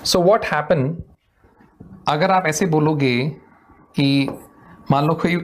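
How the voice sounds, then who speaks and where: Man teaching spoken English. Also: fairly high pitch. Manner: explains in quick Hindi, then slower careful English; drills tongue twisters aloud. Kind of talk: live online English lesson.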